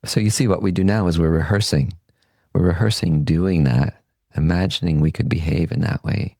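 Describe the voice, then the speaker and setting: A man hosting a podcast, giving a calm, unhurried, reflective Buddhist teaching talk that trails off softly at the ends of phrases. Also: low-pitched, gravelly, no room sound. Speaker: podcast host and meditation teacher.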